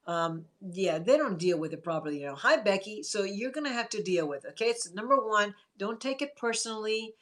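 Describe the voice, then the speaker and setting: A woman therapist giving casual live-stream advice about rude coworkers, reading out viewers' names and answering them in an earnest way. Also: mid-range voice. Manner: earnest, answers chat comments by name.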